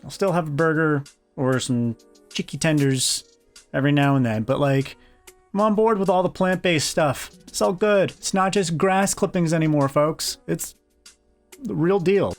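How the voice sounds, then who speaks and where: A man's voice: fairly high pitch, moderate pace, faint music behind. A young man chatting casually to the camera in a vlog, joking and rambling with self-deprecating asides. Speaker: vlogger.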